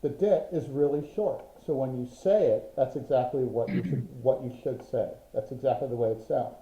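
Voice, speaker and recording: A man's voice: mid-range voice, normal speed. A man teaching an online Morse code class, patient and methodical, sounding out rhythms with his voice. The sound is roomy and a bit dull, like a lo-fi video call. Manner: patient, explains with examples and rhythmic vocal sounds.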